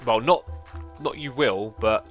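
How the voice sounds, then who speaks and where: A livestream host with a medium-pitched voice talks slowly while hosting a casual gameplay stream, chatting and reading viewer messages aloud. Soft music plays in the background.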